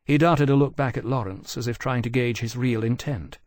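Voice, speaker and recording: A man reading a novel aloud as an audiobook narrator, in a measured, even storytelling manner on a close studio mic. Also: mid-range voice, dry recording. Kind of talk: scripted narration.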